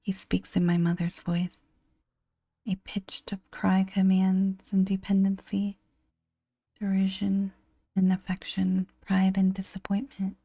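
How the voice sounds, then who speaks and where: A woman giving a whispered horror game narration, hushed and anguished, over faint music. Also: mid-range voice, monotone, slow, gravelly, no echo. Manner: hushed, anguished first-person storytelling.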